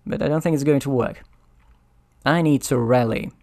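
In this solo board game playthrough, a man reasons through his moves out loud, grumbling over the rules of the strategy game. His mid-range voice is dark with vocal fry, at a moderate pace.

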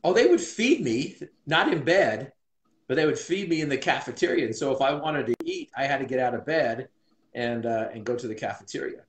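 A man's voice: mid-range voice, expressive, fairly quick. A man in his forties from Utah, earnestly and reflectively telling a personal story as an interview guest. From Utah, USA. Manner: earnest and reflective, many restarts. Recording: roomy echo.

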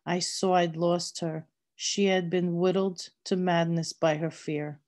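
Woman narrator for a read-aloud novel; low, unhurried, mellow delivery. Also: level tone. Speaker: reader.

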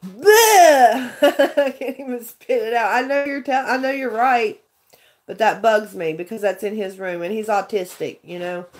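Woman, casual live vlogger, rambling earnest storyteller, slightly high voice. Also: steady tone, moderate pace. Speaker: vlogger chatting with viewers. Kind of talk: casual livestream chat.

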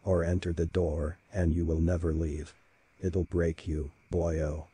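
Stout frightened curator with a thick, shaky voice, deep and husky, read by a male narrator. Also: level tone, a little slow, warm tone, exaggerated voice. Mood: pleading.

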